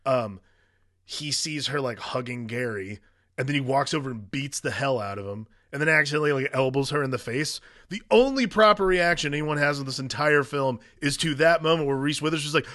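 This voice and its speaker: Male podcast co-host, mid-pitched, loose rambling delivery, casual review talk. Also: brisk, fairly bright tone. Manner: rambling, filler-heavy, restarts sentences. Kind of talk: casual comedic movie review chat.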